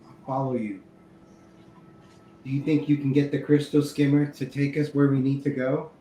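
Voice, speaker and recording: A man's voice: a little high, completely flat delivery, brisk, dark tone, reverberant, a little hiss or hum, low-quality recording. A man playing a tabletop game, speaking weary in-character lines. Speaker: player.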